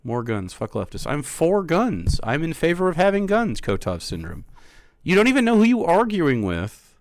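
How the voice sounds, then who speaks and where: A man's voice: a little high, wildly swooping pitch, moderate pace, a little hiss or hum. A male streamer in casual live-stream chat, sarcastic and mocking as he argues with viewers.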